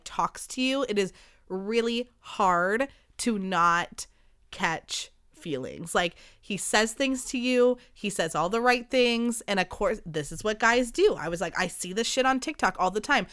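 A woman's voice: mid-range voice, fairly bright tone, no echo, studio quality. A woman in her twenties hosting a podcast, telling a dating story in a casual monologue, full of "like" fillers and swearing, acting out the dialogue she quotes. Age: 20s. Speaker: podcast host.

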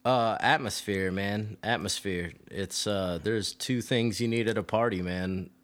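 A man's voice: lowish voice, measured pace, fairly bright tone. A man being interviewed about his work as a DJ, telling stories in a loose, profane, rambling way with frequent laughs. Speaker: DJ guest. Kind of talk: casual storytelling chat.

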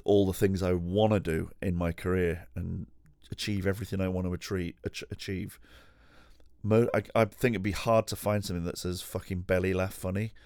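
A man with a deep, low-pitched voice tells a long story in a loose, rambling way, swearing freely, cutting himself off to restart, and making fun of himself. The recording is dry and close, with no room sound. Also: fairly even intonation, normal speed, darkish tone, no room sound. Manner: rambling, sweary, self-deprecating, with frequent restarts and laughs. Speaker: podcast host. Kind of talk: casual storytelling monologue. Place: at home.

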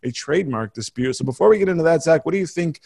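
An American man hosting a podcast, rambling in casual chat with many restarts and quick laughs. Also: fairly high pitch, lively intonation, vocal fry, a little mellow, husky. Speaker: podcast host.

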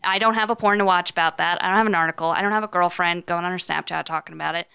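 A woman's voice: lowish voice, steady tone, very fast, creaky, sharp tone, smooth. A young woman talking as a podcast guest in casual chat, frank and peppered with "like". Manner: frank, many fillers like "like".

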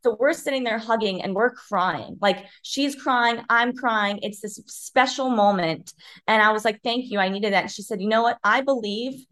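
A woman's voice: on the high side, moderate pace. A young woman, a podcast guest, telling a personal story and acting out other people's lines as she goes. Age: young adult. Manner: animated, acts out other people's voices in her stories.

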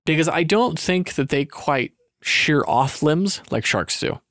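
A man's voice: on the high side, expressive, measured pace, a bit bright, dry recording, studio quality. A young man co-hosting a casual podcast, easygoing and jokey, often hedging his opinions. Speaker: podcast co-host.

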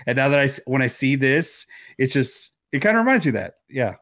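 Male podcast co-host, young adult, rambling casual talk, mid-pitched, dry close sound. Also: very animated, a little fast, a bit bright, no room sound. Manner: rambling, restarts his thoughts often. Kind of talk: casual chat. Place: home, remote recording.

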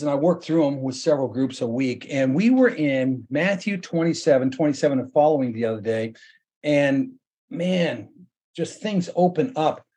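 Husky-voiced man preaching a sermon. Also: medium pitch, darkish tone. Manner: earnest preaching that slows and rises for emphasis. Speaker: pastor.

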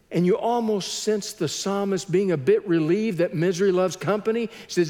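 A man preaching a sermon as pastor, slow and earnest, with heavy pauses between phrases. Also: high-pitched, warm tone, in a large hall.

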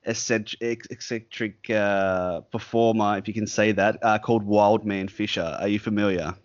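Hesitant man, low dull voice. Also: fairly even intonation, moderate pace, dry recording. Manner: hesitant, many fillers and restarts. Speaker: podcast host interviewing a guest. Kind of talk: casual podcast interview.

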